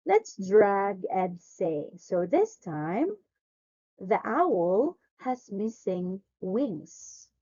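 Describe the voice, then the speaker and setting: A woman teaching English to a young child over a video call. She speaks very slowly, with a lively voice that rises and falls, and praises often. Her tone is mellow and the sound is a little dull and lo-fi. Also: medium pitch. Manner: slow, exaggerated and encouraging, with lots of praise. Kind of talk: demo lesson for a child.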